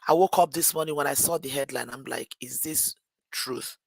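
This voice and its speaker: A woman's voice: sits low, fast talker, gravelly, dry recording. Impassioned woman, dry sound. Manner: impassioned, lamenting, emphatic repetition. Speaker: caller. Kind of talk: call-in discussion.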